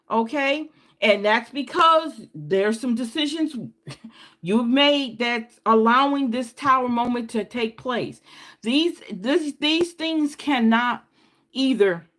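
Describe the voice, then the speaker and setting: A woman giving a casual tarot card reading, excitable and exclaiming often, checking in with her viewers again and again. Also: on the high side. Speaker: tarot reader.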